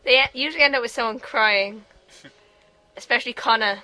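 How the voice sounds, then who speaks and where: A woman's voice: a little high, a little fast, bright, forceful tone, poor audio. A young woman chatting with friends, giggling as she tells a party story. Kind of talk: casual chat among friends.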